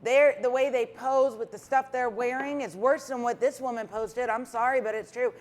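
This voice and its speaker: A woman's voice: on the high side, steady tone, moderate pace, a little mellow, a little hiss or hum. A woman co-hosting a morning talk show who gives frank opinions and sometimes stumbles over her words. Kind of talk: casual talk show chat.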